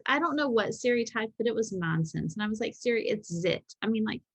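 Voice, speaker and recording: A woman's voice: fairly high pitch, lively intonation, fast, breathy edge, no room sound. Rambling woman podcast co-host, dry sound. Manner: rambling, self-deprecating storytelling with frequent "like". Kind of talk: casual chat.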